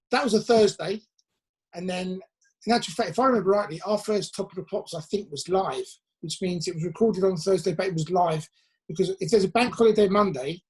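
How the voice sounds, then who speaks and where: Over a phone on a video call, a British man in his sixties, once a band drummer, rambles through a self-deprecating story as an interview guest, acting out his own thoughts. His high voice is a little mellow with a breathy edge, and the recording quality is low.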